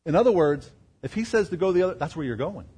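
A husky, slightly higher-pitched man preaching a sermon. He keeps asking the congregation rhetorical questions. His voice rises to loud emphasis, then drops to quiet, low asides. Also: lively intonation, fast. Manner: asks the crowd rhetorical questions; swings between loud emphasis and quiet lows. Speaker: pastor.

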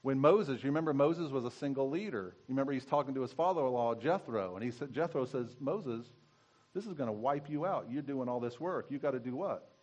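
A man's voice: mid-range voice, lively intonation, brisk, a little mellow, muffled recording. A man giving a conversational sermon as pastor, teaching and asking his congregation questions.

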